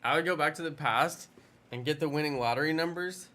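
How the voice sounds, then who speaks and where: Bright-voiced, chatty male streamer. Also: a little high, brisk. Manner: rambling, playful, chatting with viewers. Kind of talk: casual live stream chat.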